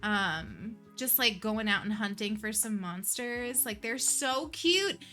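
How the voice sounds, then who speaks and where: A woman hosting a livestream, chatting casually and warmly with her viewers, emotional and laughing often. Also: mid-range voice, lively intonation, takes it slowly, soft background music. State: emotional, near tears. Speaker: livestream host.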